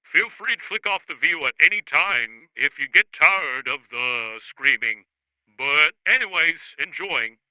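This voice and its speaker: A man's voice: a little high, expressive, measured pace, bright, forceful tone, clean tone, dry recording, poor audio. A teenage boy giving a casual, offhand disclaimer before his video. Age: teens. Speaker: video creator.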